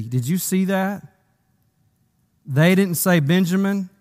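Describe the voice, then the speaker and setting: A man preaching a sermon, reading scripture aloud and breaking off to comment, slowing and lowering his voice for emphasis. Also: a little mellow. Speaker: pastor. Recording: long hall reverb.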